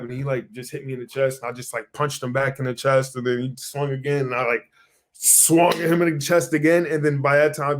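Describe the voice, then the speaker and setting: Young man, podcast co-host, casual storytelling, animated, cursing, mid-pitched voice. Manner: animated, swears a lot, acts out his own past lines.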